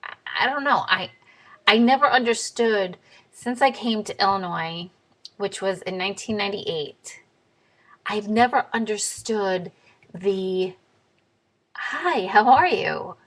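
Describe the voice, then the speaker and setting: A woman tells a story to camera in a casual vlog. She is blunt and swears freely. Her delivery is animated, with a lot of back-and-forth. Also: medium pitch, a little slow, poor audio. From New York. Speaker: vlogger.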